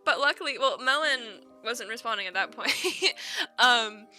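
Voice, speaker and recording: A young woman from Eastern Canada rambles through stories while she plays, with giggles breaking into her talk. Her voice is very bright and sits a little high. Soft music plays faintly behind her. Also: animated, normal speed. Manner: giggly, rambling storytelling with frequent laughs. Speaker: streamer. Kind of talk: casual chat while gaming.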